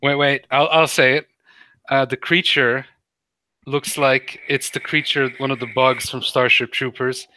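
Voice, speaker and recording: Young male game master, rambling and casual, sharp bright tone, dry sound. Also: medium pitch, level tone, unhurried, dry recording, low-quality recording. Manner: rambling, casual, with many fillers. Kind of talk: narrating a tabletop game.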